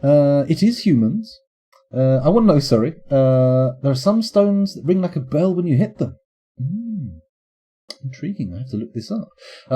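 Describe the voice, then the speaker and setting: A man's voice: medium pitch, very animated, normal speed, warm tone, husky. A man streaming a game live, rambling and playful as he thinks aloud.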